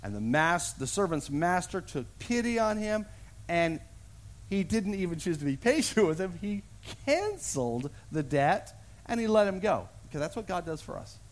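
A man's voice: high voice, moderate pace. A male pastor preaching a sermon and acting out the voices of a parable as he tells it. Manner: animated storyteller, acts out voices in the parable. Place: church sanctuary.

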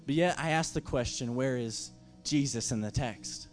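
A man's voice: medium pitch, normal speed, soft background music. A man preaching a sermon as pastor, impassioned, with emphatic repeated phrases.

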